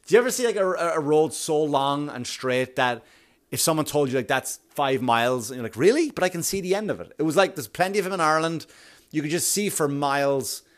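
A man telling a story in a casual monologue, animated and self-mocking, with a lot of swearing. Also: on the high side, fast talker.

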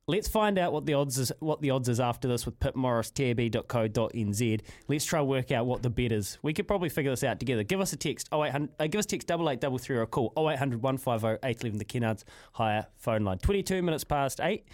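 A man with a New Zealand accent hosting sports radio, upbeat and quick to laugh, reading out phone numbers and sponsor lines. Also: medium pitch, animated, darkish tone. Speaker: radio host.

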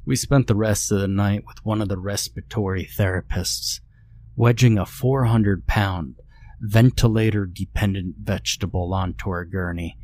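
A man's voice: fairly low pitch, darkish tone. A man narrating a horror story in the first person, in a dry, matter-of-fact manner. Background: faint music.

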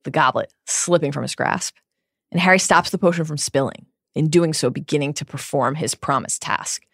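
A female podcast co-host with a low, gravelly voice. She gives measured, reflective analysis, stacking up words for emphasis. The recording is close and dry. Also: fairly bright tone, dry recording. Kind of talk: book discussion podcast.

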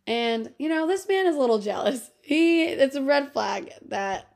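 A woman's voice: high voice, lively intonation, normal speed, gravelly, a little mellow. A young woman in her twenties co-hosting a podcast, telling a story in casual chat, full of filler words and laughing often. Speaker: podcast co-host.

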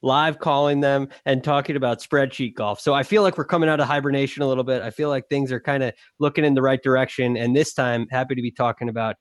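A man chatting on a podcast as a golf analyst, in a relaxed, easygoing way. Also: medium pitch, fast, few pauses, no room sound, studio quality. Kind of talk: casual podcast chat.

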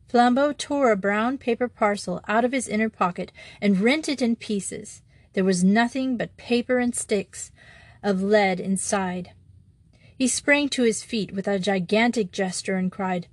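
A woman narrating an audiobook of a classic story in a measured, even way. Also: medium pitch, no echo.

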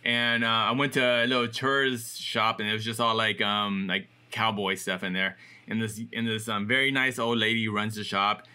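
A man's voice: on the low side, little pitch movement, normal speed, few pauses, sharp tone, clear, resonant tone. A man co-hosting a fight podcast, telling stories in a chatty, rambling way with many fillers. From Los Angeles area. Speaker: podcast co-host. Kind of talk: casual chat.

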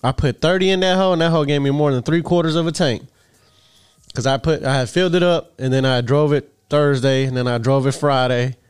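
A man's voice: medium pitch, fairly even intonation, brisk, clean tone, no echo, studio quality. A middle-aged man, telling a rambling, profane story in casual podcast chat. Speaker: podcast co-host.

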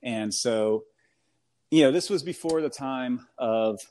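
A man's voice: mid-range voice, slow pace. An American man from New England, in his thirties, telling a rambling story in casual chat, full of fillers and laughs. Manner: rambling, animated, heavy fillers, laughs often. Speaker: guest.

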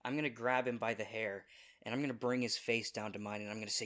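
Bright-voiced man playing a tabletop game. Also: lowish voice, steady tone, fast. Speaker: player. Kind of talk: casual tabletop play.

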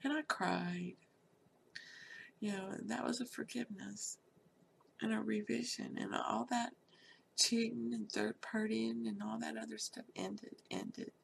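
Gravelly middle-aged lady telling her story straight out, cusses a lot, bit of faint noise behind. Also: fairly high pitch, fairly even intonation, unhurried. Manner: candid, blunt, swears freely. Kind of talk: personal storytelling.

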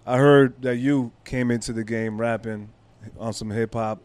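A man's voice: medium pitch, fairly even intonation, normal speed, a little mellow, smooth, no room sound. A man co-hosting a casual podcast, asking questions and teasing with jokes. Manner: joking, teasing interviewer. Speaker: podcast co-host.

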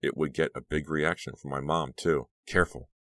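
A man's voice: extremely low pitch, steady tone, moderate pace, a bit bright, no room sound. A man voicing a sarcastic, anxious teenage girl in an audiobook, raising his voice and speaking dryly. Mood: wry, uneasy. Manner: raised girlish voice, dry and uncertain.

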